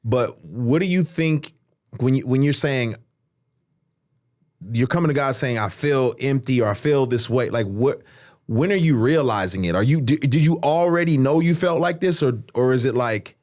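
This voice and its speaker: A man's voice: medium pitch, normal speed, a little mellow. A man hosting a podcast interview, attentive and affirming, asking thoughtful questions that he sometimes restarts. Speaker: podcast host. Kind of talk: interview conversation.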